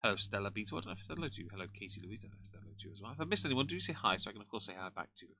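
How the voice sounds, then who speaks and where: Male stream host, sarcastic and dismissive; bright, edgy tone, lowish pitch. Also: sing-song, very fast, slight background noise. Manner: dry, snarky, dismissive asides. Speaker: commentary livestream host. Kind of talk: sarcastic livestream commentary.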